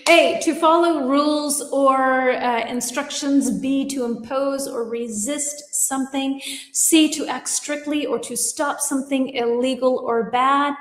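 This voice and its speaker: A woman's voice: high-pitched, fairly even intonation, unhurried, reverberant, big-room sound. A woman teaching a live-streamed English lesson, chatty and upbeat, reading out viewers' comments and laughing at her own slips. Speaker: English teacher and livestream host. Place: home studio, lives in Germany.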